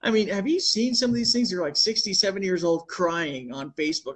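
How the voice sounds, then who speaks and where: A man's voice: high-pitched, fast talker. A man hosting a casual talk show, rambling through heated opinions with laughs between phrases. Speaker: host.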